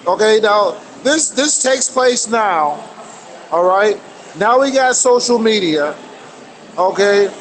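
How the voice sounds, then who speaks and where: A man's voice: high-pitched, lively intonation, takes it slowly, slight background noise, poor audio. A man guest on a livestream panel, cursing and fired up as he speaks over a video call. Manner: profane, fired-up. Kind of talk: casual livestream panel chat.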